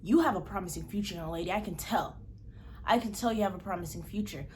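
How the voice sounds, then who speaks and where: A woman voicing a stern middle-aged male sheriff who lectures teenagers in a slow, lowered voice. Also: darkish tone, a little hiss or hum, natural voice. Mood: stern lecturing.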